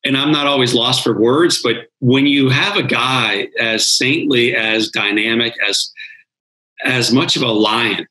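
A man's voice: medium pitch, measured pace, bright, forceful tone, rough recording. A man, a guest speaker on a podcast interview, telling his life story in an earnest, dramatic way.

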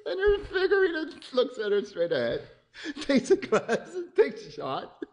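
A man excitedly narrating his cartoon idea, laughing through it and acting out sound effects and cries. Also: very high-pitched, measured pace. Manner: keeps laughing at his own story. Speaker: animator pitching a cartoon. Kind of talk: excited story pitch narration.

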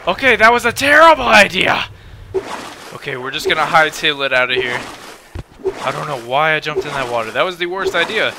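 A young man doing excitable gaming commentary at home, swinging into panicked yelling. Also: a little high, brisk, pauses often, background noise. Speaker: let's play gamer.

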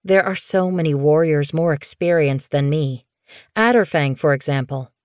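A woman's voice: low voice, moderate pace, a little mellow, dry recording, lightly acted. A woman voicing a young, ambitious female warrior cat who speaks earnestly and doubtfully, in a dry, close recording.

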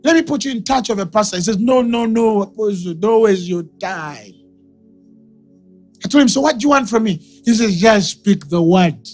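High-voiced Ugandan preacher, animated. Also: male voice, normal speed, faint music behind. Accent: Ugandan English. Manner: animated preaching, shouts and laughs, acts out callers. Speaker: pastor. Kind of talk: sermon.

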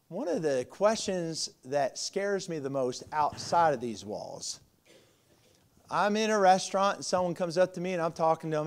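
High-voiced preaching pastor, man. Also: lively intonation, moderate pace. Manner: preaching with swings from loud emphasis to quiet asides. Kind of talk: sermon.

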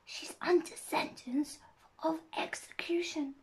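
A woman voicing a timid, anxious male rabbit in a storybook, speaking in a low, hurried, frightened whisper. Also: steady tone, warm tone. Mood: nervous whispering.

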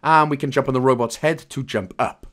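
A man's voice: medium pitch, brisk, a bit bright. A young Welsh man with a Welsh accent giving a chatty, jokey gameplay walkthrough with loose asides and fillers. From Wales. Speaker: game guide presenter. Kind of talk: casual gameplay walkthrough commentary.

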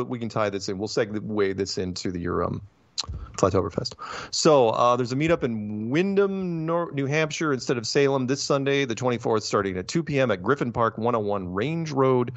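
Male host with a lively, ranting delivery, dry and slightly muffled stream audio. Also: medium pitch, no echo. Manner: animated, ranting, quick asides and restarts. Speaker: podcast host. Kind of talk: casual chat.

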